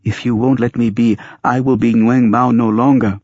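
A man voicing a headstrong young pregnant woman, pushing his voice high and shrill as she pleads and wails in grief. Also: flat delivery, moderate pace, a little mellow, no echo, close to an everyday voice. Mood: defiant. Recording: dry, dull muffled audiobook recording.

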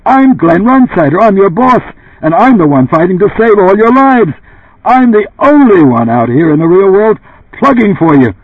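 A frantic, indignant boss, voiced by a male audiobook reader who pleads in loud, raised bursts. His voice is husky and swings widely in pitch. The sound is dry and thin, like a phone line. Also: big pitch swings, a little slow, dry recording. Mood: insistent. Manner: heated, pleading outbursts. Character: agitated, indignant middle-aged male boss.

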